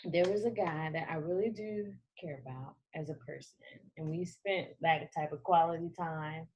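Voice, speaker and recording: Giggly woman podcast cohost, bit raspy, just chatting casual. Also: low voice, normal speed, darkish tone, lo-fi sound. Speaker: podcast co-host. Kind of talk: casual chat.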